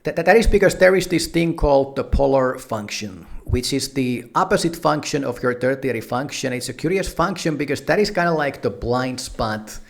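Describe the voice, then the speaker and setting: A man's voice: mid-range voice, lively intonation, moderate pace, vocal fry, few pauses. A man talking in a casual, rambling monologue, swearing freely and restarting his sentences often. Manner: rambling, profane, many restarts and fillers. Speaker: YouTube personality-type commentator.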